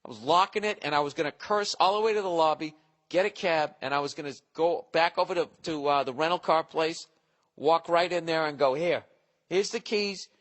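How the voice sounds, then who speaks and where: A man in his forties hosting a podcast, telling a comic story in a profane, animated rant. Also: a little high, brisk. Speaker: podcast host. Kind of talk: casual comedic monologue.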